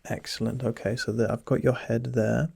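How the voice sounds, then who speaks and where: A teasing doctor is voiced in a whisper by a young man with a soft, husky, low voice that sounds gravelly, dark, and mellow. Close and dry on the mic with no echo, he shows little pitch movement and keeps a moderate pace.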